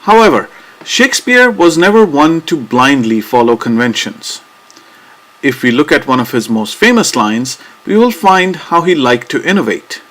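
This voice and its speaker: Man narrating a lesson, measured and deliberate. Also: a little high, very animated, a bit bright. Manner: measured, deliberate reading with rhythmic emphasis. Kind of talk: scripted educational narration.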